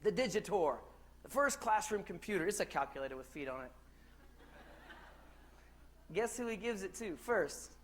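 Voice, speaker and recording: A man from the United States giving a conference keynote in a lively, joking storytelling way, asking the crowd questions. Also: sits high, normal speed, pauses often, a little hiss or hum. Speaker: keynote speaker. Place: conference hall stage.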